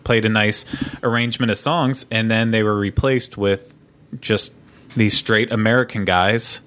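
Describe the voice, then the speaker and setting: Low-voiced man hosting a chatty podcast. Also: steady tone, measured pace, fairly bright tone. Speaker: podcast host. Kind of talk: casual chat.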